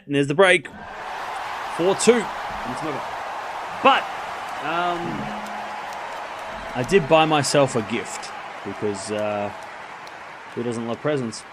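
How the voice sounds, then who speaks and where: A man's voice: on the high side, expressive, normal speed, long pauses, noisy background. A young Australian man giving casual, self-deprecating live tennis commentary to his stream chat.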